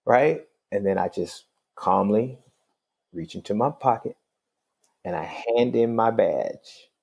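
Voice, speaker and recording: A middle-aged man, a judge, telling a story in an interview in a calm, wry, conversational way. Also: lowish voice, slow, gravelly.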